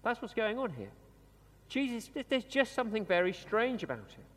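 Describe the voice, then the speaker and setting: A man preaching a conversational sermon in a church, slowing down and dropping his voice for emphasis. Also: sits high. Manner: conversational, animated, with dramatic pauses and slowed emphasis. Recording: long reverb of a church hall.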